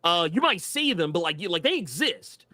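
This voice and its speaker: A man's voice: high-pitched, sing-song, moderate pace, pushed and bright, no echo. A man from Tennessee, co-hosting a casual movie discussion, swearing freely and acting out quotes. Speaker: podcast co-host.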